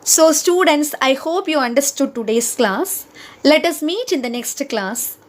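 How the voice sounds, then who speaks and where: A woman's voice: sits high, expressive, a little slow. A woman teaching a grammar lesson, spelling out each example word by word. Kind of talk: slow, deliberate grammar lesson.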